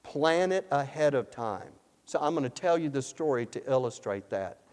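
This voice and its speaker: A man's voice: medium pitch, lively intonation, moderate pace, darkish tone. A man with a Texan accent teaching a sermon, earnest and storytelling, often repeating words as he restarts. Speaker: Bible teacher. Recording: long reverb in a hall.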